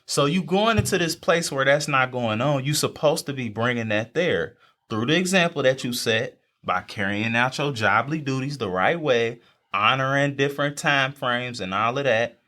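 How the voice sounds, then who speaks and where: A man's voice: medium pitch, normal speed, pushed and bright. A young man, talking faith casually and repeating phrases for emphasis. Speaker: podcast co-host. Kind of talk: faith talk among friends.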